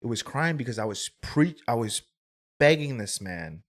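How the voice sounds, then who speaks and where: Here a twentysomething podcast guest rambles through a personal anecdote, cursing openly and leaning on "like" and "right?" as fillers. His voice sits in the mid-range, has a sing-song lilt, and moves at normal speed.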